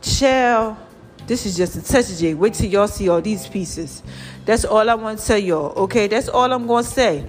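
A woman's voice: mid-range voice, expressive, moderate pace, soft background music. A woman vlogger, talking casually and animatedly to her viewers, calling them y'all and child, with a preachy testimonial tone. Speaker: vlogger sharing a health testimony.

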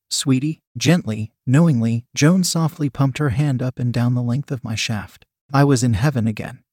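A man reads a first-person story aloud in a steady, even manner. His voice sits at a middling pitch, and the recording is dry and close, with no room echo. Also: breathy edge.

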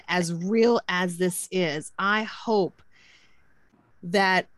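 A woman's voice: mid-range voice, dry recording. A woman co-hosting a podcast, telling a personal story earnestly and emotionally. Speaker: podcast co-host.

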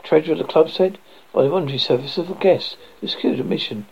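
A man, a horror host, reading a classic ghost story aloud and stumbling over words as he restarts his lines with sudden swings in loudness. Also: fairly high pitch, quick pace, gravelly, slightly rough, lo-fi sound.

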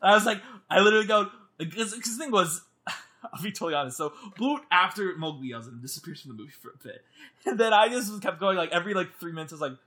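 A man in casual movie chat with a friend, animated and often laughing. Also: high voice, quick pace. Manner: animated, laughing, mock-screaming.

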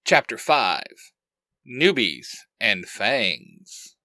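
A man's voice: on the low side, sing-song, drawn-out words, pushed and bright, no room sound. A man reading his own fan story aloud, acting out the dialogue earnestly as storyteller.

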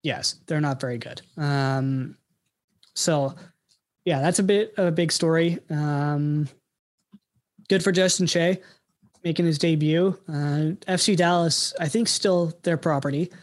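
Halting man hosting a soccer podcast. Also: a little high. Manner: halting, many ums and uhs while running segments. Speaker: podcast host. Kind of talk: casual soccer podcast chat.

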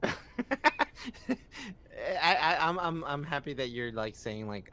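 A man's voice: mid-range voice, measured pace, long pauses, pushed and bright. A man co-hosting a podcast in casual chat, laughing often and stumbling over his restarts. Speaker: podcast co-host.

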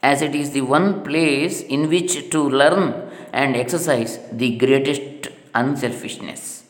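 A man reading a spiritual text aloud in a slow, measured, solemn way. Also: medium pitch. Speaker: reader. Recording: echoey hall with long reverb.

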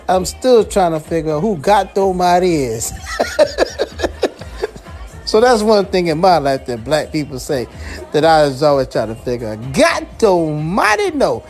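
A man leaving a voicemail, telling a story slowly and laughing between lines. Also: high voice, darkish tone. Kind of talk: casual storytelling.

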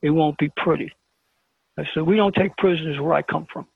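Raspy man on a phone line. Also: a little high, brisk, dry recording. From Brooklyn, New York. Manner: animated storyteller who acts out the dialogue. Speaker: guest telling a personal story. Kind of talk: storytelling on a call-in radio show. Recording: dry tinny phone line.

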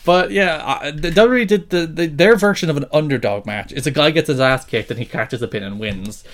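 A man's voice: a little high, brisk. A man co-hosting a wrestling podcast, ranting with exasperation about the booking. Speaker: podcast co-host. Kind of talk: casual wrestling podcast chat.

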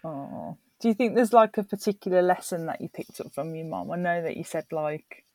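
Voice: mid-range voice, lively intonation, a little fast, a little mellow, no echo. An interviewer in a casual chat who laughs often and mostly gives short encouraging replies.

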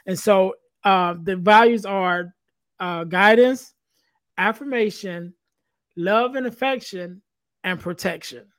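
A man with a notably high voice hosts a casual podcast conversation. He lays out his points methodically, one by one, and repeats them back. The sound is dry and close, with no room echo. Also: takes it slowly, a bit bright. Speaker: podcast host.

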